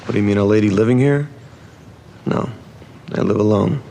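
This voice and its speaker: Film clip: a dry, bossy man near forty, with faint rumble underneath. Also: a little fast, vocal fry, dark tone.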